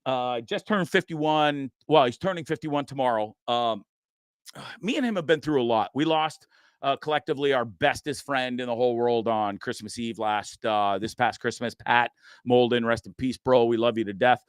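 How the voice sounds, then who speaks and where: A man's voice: medium pitch, normal speed, clean tone, no echo. A man hosting a casual live stream, rambling and chatty, reading comments aloud and swearing. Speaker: live-stream show host.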